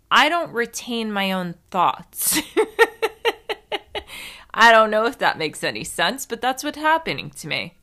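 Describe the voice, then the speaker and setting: Her mid-range voice sounds pushed and bright. On her own podcast, this host chats loosely and wanders from point to point, mocking herself and letting a few curse words slip.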